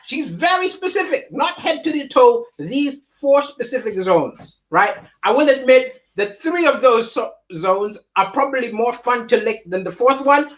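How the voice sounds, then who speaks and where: A man with a slight lisp hosts a live-streamed comedy show from his home. He talks in an animated, chatty way, riffing on songs and reading viewer comments aloud. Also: very high-pitched. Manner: animated, reads viewer chat aloud and riffs. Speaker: comedian hosting a livestream.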